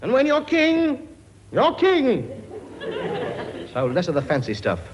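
A man's voice: very high-pitched, wildly swooping pitch, slow pace, dull audio, heavily acted. An actor playing a cheeky, bossy king who lectures his many children in a comedy sketch. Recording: noisy recording.

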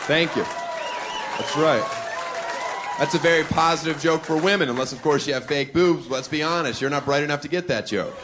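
A brash male stand-up comic delivers provocative bits with wry asides. His voice sits a little high. A live club crowd and room noise fill the background. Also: moderate pace. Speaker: stand-up comedian. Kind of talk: stand-up routine. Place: comedy club stage.

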